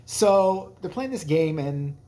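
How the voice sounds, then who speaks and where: A man's voice: a little high, expressive, slow, mellow. A man hosting a casual movie review vlog, crude, rambling and jokey, acting out scenes in voices. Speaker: channel host, movie reviewer.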